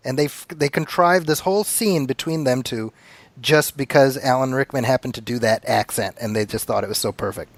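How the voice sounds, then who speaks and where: A man hosting a film podcast, telling behind-the-scenes stories in a chatty way with quick asides. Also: medium pitch, no echo. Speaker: podcast host. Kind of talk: casual podcast commentary.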